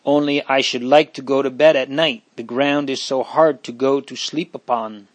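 A man's voice: medium pitch, steady tone, normal speed, no echo, close to an everyday voice. A man voicing a small, innocent little boy who speaks simply and plaintively, in a dry recording.

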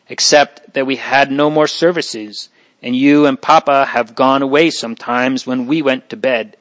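A man's voice: mid-range voice, no room sound, natural voice, low-quality recording. A frightened young girl from a storybook, pouring out her worries in earnest pleas, as a male narrator reads her part. The voice sits a little above his own. The recording is dry and close. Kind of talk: audiobook reading.

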